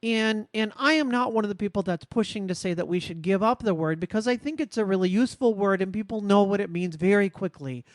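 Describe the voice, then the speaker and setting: A woman co-hosting a podcast, telling a personal story in a measured, reflective, earnest way. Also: mid-range voice, dry recording, clean studio sound. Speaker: podcast co-host. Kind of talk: casual podcast conversation.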